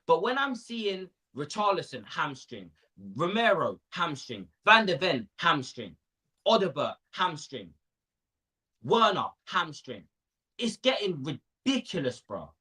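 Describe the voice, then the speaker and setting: On a casual panel, a young man rants about football with plenty of slang, his voice rising and falling with lively energy. It is a little high and bright, slightly husky, and he speaks slowly.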